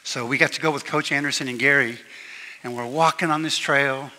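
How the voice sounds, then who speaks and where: A man giving a eulogy for his brother at a memorial service, telling personal stories in a halting way with many fillers and restarts. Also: mid-range voice, steady tone, sharp tone. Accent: Southern US slip. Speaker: eulogist, younger brother of the deceased. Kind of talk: memorial speech with personal anecdotes. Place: church hall at a memorial service. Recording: long reverb from a large hall.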